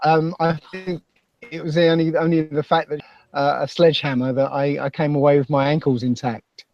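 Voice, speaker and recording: Man, Basildon accent, halting self-deprecating talk, slightly high voice, dry dull lo-fi sound. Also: level tone, darkish tone, no room sound. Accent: Basildon, Essex. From England. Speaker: podcast guest. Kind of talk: casual chat.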